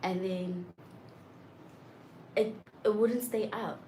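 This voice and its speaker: A young woman chatting candidly and frankly, often getting loud and exasperated as she makes her point. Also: mid-range voice, fairly even intonation, extremely slow. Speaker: vlogger. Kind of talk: candid casual chat. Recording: roomy echo with faint background noise.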